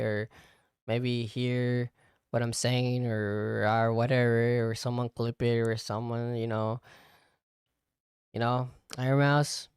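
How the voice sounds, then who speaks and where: A man's voice: mid-range voice, clear, resonant tone, dry recording, studio quality. A young man hosting a casual solo podcast as a VTuber, rambling with lots of fillers.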